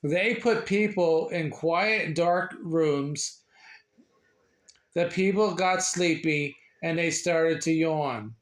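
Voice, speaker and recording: A man reads a children's picture book aloud at a slow, careful pace. His voice sits a little high, and he stumbles and restarts over words as he goes. The room rings with noticeable echo. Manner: slow, halting reading with slips and asides. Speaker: reader sharing a book. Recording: echoey room.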